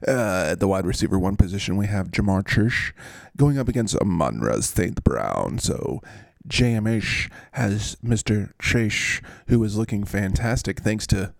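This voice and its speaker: A man's voice: fairly low pitch, animated, a little slow, creaky, dry recording. A man hosting a podcast in a goofy, playful, casual way. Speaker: podcast host. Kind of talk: casual fantasy sports chat.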